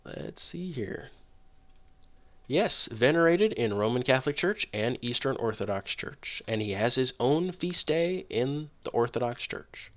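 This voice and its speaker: A man reading early writings aloud and commenting on them in an emphatic way, slowing down and pushing hard on key words. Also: medium pitch, animated, a bit bright. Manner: emphatic, rising on key words, slows down for stress. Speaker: online religious commentator.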